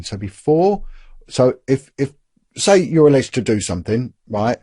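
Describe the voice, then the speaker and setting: A man's voice: medium pitch, unhurried, no echo, clean studio sound. A middle-aged man, once a police officer, telling his story in candid conversation and acting out the dialogue he quotes. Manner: animated, acts out quoted dialogue, repeats and restarts words. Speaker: interview guest, former police officer.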